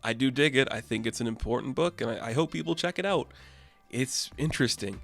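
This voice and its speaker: A man's voice: medium pitch, brisk, vocal fry, fairly bright tone, soft background music. A man giving a casual, enthusiastic comic book review, chatty and full of "like". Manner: chatty, enthusiastic, says "like" often.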